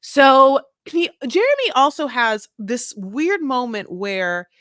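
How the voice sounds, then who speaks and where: A woman co-hosting a podcast, recapping a reality show in a sassy, profane, animated way. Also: sits high, slow pace, dry recording, clean studio sound. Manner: animated, profane, sassy storytelling with voiced quotes. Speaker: podcast co-host. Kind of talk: casual recap chat.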